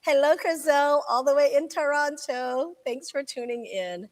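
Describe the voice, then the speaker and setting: A woman's voice: sits high, unhurried. Giggly upbeat woman radio host. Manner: laughs easily, upbeat, leads the game. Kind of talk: live radio game show hosting.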